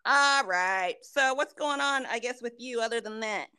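A woman's voice: on the high side, moderate pace, clear, resonant tone. Casual swearing woman podcast host. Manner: swears a lot, quotes friends in animated retellings. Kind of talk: casual chat.

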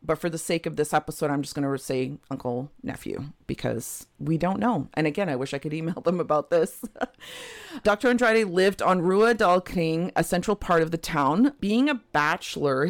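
A woman's voice: on the low side, animated, normal speed, dry recording, studio quality. A woman co-hosting a podcast, telling a true crime case in a casual way with frequent laughs and chatty asides. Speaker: podcast co-host.

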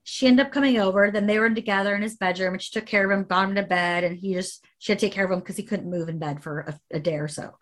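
A woman's voice: medium pitch, fast talker, few pauses. A woman co-hosting a podcast, telling a story casually, acting out quoted speech and swearing freely. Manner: animated, acts out quoted speech. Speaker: podcast co-host.

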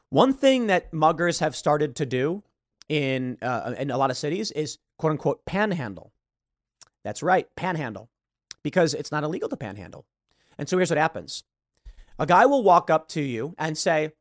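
A man's voice: on the high side, lively intonation, a little fast, fairly bright tone, no room sound. Sarcastic man with a dry, close sound. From Chicago, USA. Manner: sarcastic, storytelling. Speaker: show host. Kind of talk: political commentary monologue.

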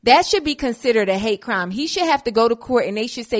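A woman's voice: on the high side, fairly quick, hardly any pauses. A woman in her twenties hosting a podcast, talking casually and with feeling, swearing freely and jumping from one topic to the next. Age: 20s. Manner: chatty and animated, swearing freely, drifting between topics. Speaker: podcast host. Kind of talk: casual monologue.

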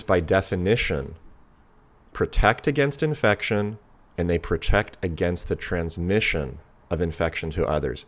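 A man who is a physician, speaking as a talk-show guest and pressing each point with firm emphasis. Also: sits low. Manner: emphatic and insistent, stressing key words.

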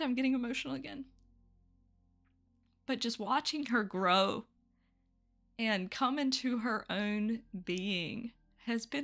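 A woman's voice: fairly low pitch, fairly bright tone. A woman hosting a solo spiritual podcast, talking candidly and reflectively, with little laughs between thoughts. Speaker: podcast host.

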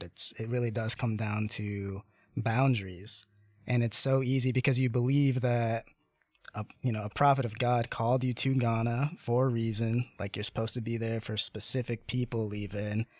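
A young man in his twenties hosting a casual chat, telling a story with lots of fillers and animated pacing. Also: medium pitch, moderate pace, dry recording, studio quality.

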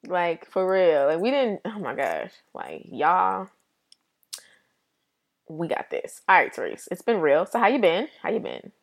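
A young woman co-hosting a podcast, chatting casually, excitable and slangy, often laughing. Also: lowish voice, unhurried, creaky. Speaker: podcast co-host. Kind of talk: casual chat.

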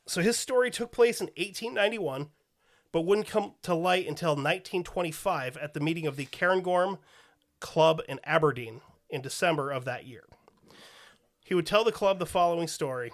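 A man's voice: fairly high pitch, normal speed. A man hosting a podcast in casual chat, profane and joking. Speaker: podcast host.

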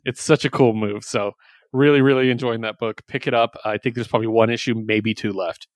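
A man's voice: mid-range voice, steady tone, a little fast, dry recording. A man hosting a casual podcast, recapping comic books with loose, enthusiastic chatter and the odd swear. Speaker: podcast host reviewing comics. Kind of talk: casual chat.

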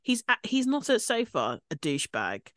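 A woman's voice: on the high side, huge pitch swings, moderate pace, no room sound, studio quality. A woman co-hosting a podcast, chatting casually as she recaps reality TV and acts out quotes from the shows. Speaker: podcast co-host.

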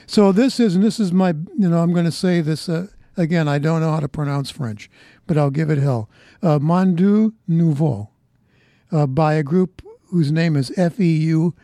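A mellow, slightly higher-pitched older American man talks on the radio between records. He rambles in a folksy, reminiscing way, close to a studio mic in a dry, dead room. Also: creaky, no room sound. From United States. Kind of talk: casual radio chat between songs. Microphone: studio microphone.

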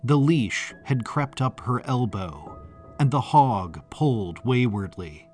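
Guy narrating a story real slow and steady, soft music behind. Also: mid-range voice. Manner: measured, deliberate storytelling. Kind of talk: scripted narration.

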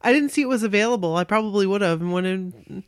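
A woman's voice: medium pitch, fast, no echo. Enthusiastic woman podcast co-host, dry sound. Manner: enthusiastic, gushing. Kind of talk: casual chat.

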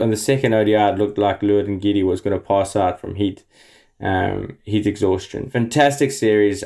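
A man's voice: lowish voice, creaky, a little mellow. A man giving an enthusiastic, casual cricket update as a podcast correspondent. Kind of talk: casual chat.

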